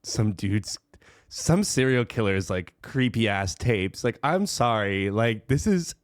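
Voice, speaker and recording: A man's voice: fairly low pitch, expressive, measured pace, no room sound, studio quality. A man hosting a music reaction video, musing and hesitant, easily spooked. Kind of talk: casual reaction commentary. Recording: loud music playing underneath. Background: loud music.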